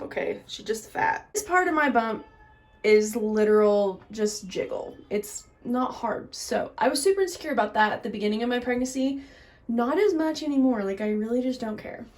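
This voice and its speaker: A woman's voice: a little high, expressive, moderate pace. A young woman giving a candid, chatty pregnancy update to a camera on a tripod at home, laughing through her complaints and a little short of breath. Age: young adult. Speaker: vlogger. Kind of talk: casual pregnancy update vlog. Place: indoors at home.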